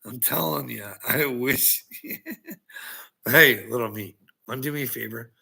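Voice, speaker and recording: A man rants at his critics in a taunting, mocking way, swearing and breaking into laughter. His voice is gravelly, husky and sharp-edged. He talks slowly, and his pitch swings widely. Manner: profane. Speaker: online video creator. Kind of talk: ranting monologue to critics.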